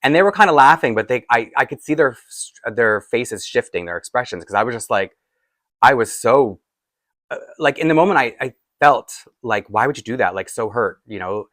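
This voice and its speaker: A man's voice: medium pitch, animated, moderate pace, a bit bright, dry recording. A man in his forties telling a personal story in a casual, rambling way, with many fillers and restarts. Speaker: doll collector vlogger.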